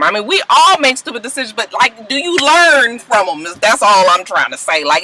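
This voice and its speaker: A woman giving a casual, profane recap of a reality show, animated and sassy, laughing between her remarks. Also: a little high, low-quality recording.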